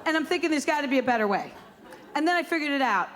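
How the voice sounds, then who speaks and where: A woman comedian doing brash, rapid-fire stand-up on a comedy club stage. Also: high voice, expressive, a faint crowd. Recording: live club recording, loud audience laughter.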